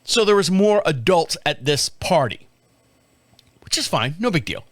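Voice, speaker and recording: A man's voice: fairly high pitch, a little slow, dry recording. A man in his fifties telling a long, profane story in casual chat, acting out the people he quotes. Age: 50s. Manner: profane, animated, mimics others in quoted dialogue. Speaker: podcast host.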